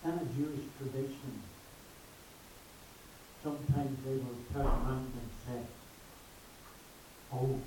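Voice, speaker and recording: A man preaching a sermon slowly and emphatically, his voice rising on repeated words. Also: medium pitch, fairly even intonation, mellow. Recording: echoey hall from far off, faint hiss.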